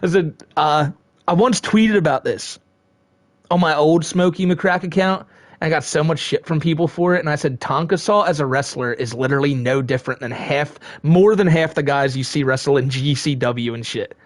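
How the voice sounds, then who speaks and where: Streamer host, male, high-ish voice, dry close sound; loose, profane, rambling chat with frequent laughs. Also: moderate pace, no echo. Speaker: live streamer reading chat. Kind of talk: casual live-stream chat.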